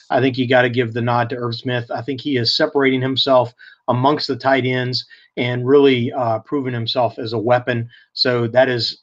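A man co-hosting a sports podcast in casual chat, telling stories in an animated way and laughing as he goes. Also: medium pitch. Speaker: podcast co-host. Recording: lo-fi, slightly dull sound.

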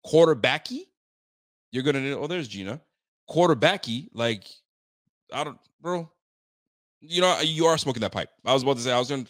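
A man hosting a casual sports podcast, joking and animated, talking in slang. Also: mid-range voice, dry recording. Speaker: podcast host.

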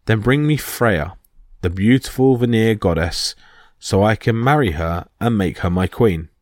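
A man's voice: lowish voice, animated, measured pace, no room sound, studio quality. A man voicing a hulking, cruel male frost giant king who speaks in a growling, menacing way.

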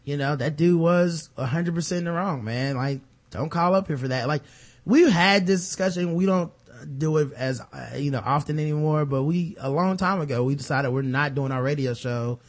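A man's voice: a little high, normal speed. A man hosting a podcast in casual chat, rambling loosely with fillers and cursing freely. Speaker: podcast host.

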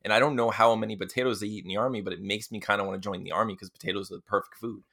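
A man's voice: on the low side, steady tone, rapid-fire, gravelly, bright, forceful tone. A man appearing as a guest podcaster in a casual chat, with a dry wit.

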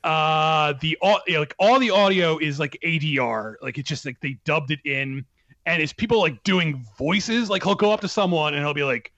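A man in a casual film talk, speaking with excited emphasis and frequent laughter. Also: on the high side, moderate pace, no room sound, highs cut off. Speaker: film podcast co-host. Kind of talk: casual chat.

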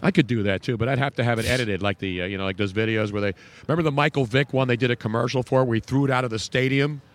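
A male sports radio host talking casually with a co-host. He rambles and jokes at a mid-range pitch. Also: rapid-fire. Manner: chatty, jokey, rambling.

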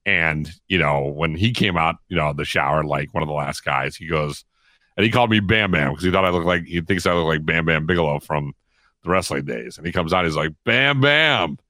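A middle-aged man spins a long anecdote. His voice sits very low and comes across bright and forceful, and he laughs and acts out quotes along the way. The sound is close and dry. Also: fairly quick, dry recording. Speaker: guest storyteller. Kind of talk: casual storytelling.

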